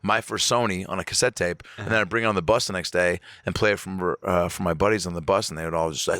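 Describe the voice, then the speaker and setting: Animated, bright-voiced comedian telling stories. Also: male voice, low voice, quick pace, dry recording, clean studio sound. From Seattle area, USA. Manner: animated, profane, acts out quotes. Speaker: guest comedian. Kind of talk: casual podcast storytelling.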